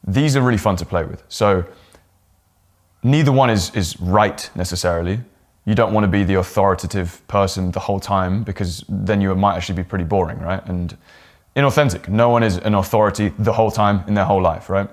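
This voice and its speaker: A young man teaching a lesson straight to camera on how to speak with more expression. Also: fairly quick. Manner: demonstrates exaggerated pitch swings and rising or falling inflection. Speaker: presentation coach. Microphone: talking straight to camera.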